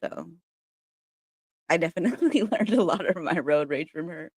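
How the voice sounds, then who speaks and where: A woman with a lowish voice talks in a loose, candid livestream chat, cursing freely and rambling between stories. The sound is dry and close, with no room echo, as she speaks from home. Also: animated, moderate pace, husky. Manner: candid, chatty and profane, with frequent laughs. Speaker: spiritual reader and channel host.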